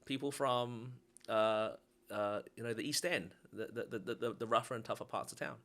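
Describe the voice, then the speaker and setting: A man with an Australian accent chats casually as a podcast co-host, his mid-range voice at normal speed. He is an animated storyteller who laughs his way through his stories.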